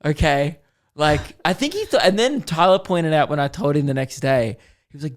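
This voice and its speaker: A man's voice: a little high, expressive. A man in his twenties co-hosting a podcast, telling rambling stories in casual chat and acting out what people said. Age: 20s. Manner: rambling storyteller, quick to act out quotes. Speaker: podcast co-host.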